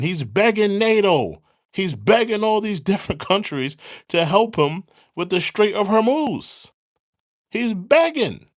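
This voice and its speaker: A man hosts a casual commentary stream in a high, lively voice with pitch that jumps around. Animated and loose, he rants live to his chat, mock-sings, and keeps circling back to the same points.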